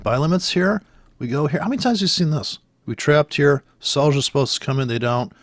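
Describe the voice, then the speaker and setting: A man's voice: on the high side, brisk, dry recording. A man giving profane, sarcastic, exasperated commentary on trading charts while scrolling through them. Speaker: trader commenting on price charts.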